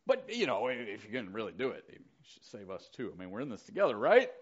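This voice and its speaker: A man's voice: on the low side, big pitch swings, fast talker, breathy edge, lo-fi sound, voice pushed down. A man voicing a cocky male criminal who taunts and mocks. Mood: mocking. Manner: mocking, sarcastic.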